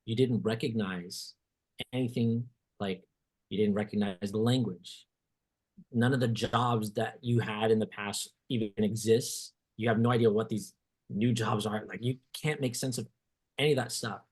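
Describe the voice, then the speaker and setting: A man hosting a podcast, telling a story in casual chat, animated and swearing casually, acting out what people said. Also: fairly low pitch, normal speed, slightly rough. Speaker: podcast host.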